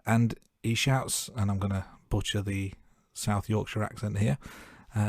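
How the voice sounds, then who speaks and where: A man's voice: on the low side, steady tone, unhurried, hardly any pauses, no echo. Dry-voiced man joking as co-host. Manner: wry, jokey rhetorical questions. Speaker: podcast co-host. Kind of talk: casual movie review chat.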